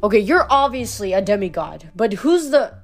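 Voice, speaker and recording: A woman's voice: mid-range voice, big pitch swings, soft background music. A woman voicing a commanding thirteen-year-old girl guard, in a storybook reading. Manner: brisk and commanding.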